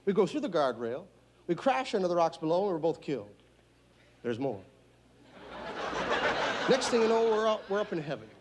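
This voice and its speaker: A male stand-up comedian doing a routine on a TV stage, talking in a deliberate, emphatic, mock-instructional way. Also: high voice, sing-song, slight background noise. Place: TV studio stage with live audience.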